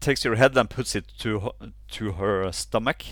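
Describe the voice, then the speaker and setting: A game master narrating a tabletop session over a call. His voice is fairly low, and his telling is halting, full of fillers and restarts. The sound is dry and close. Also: fairly bright tone, no echo. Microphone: online call.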